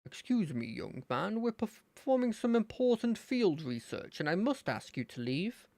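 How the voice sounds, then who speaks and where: A streamer voicing a stern, formal older male professor in a game, curt and low. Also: sing-song, normal speed, darkish tone, dry recording, clean studio sound.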